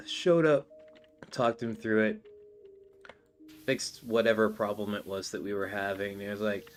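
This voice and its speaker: A man's voice: fairly low pitch, steady tone, a little slow, long pauses, a little hiss or hum. A man hosting a podcast in casual chat, rambling and swearing with many fillers. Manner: rambling, profane, full of fillers. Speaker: podcast host.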